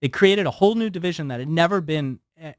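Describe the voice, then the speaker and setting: A man in his forties tells a story as a radio guest, acting out the other people's lines as he goes. His voice sits a little high. The studio sound is dry and close. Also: fast talker, no room sound. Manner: animated storyteller who acts out quotes. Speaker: guest, former FBI surveillance specialist.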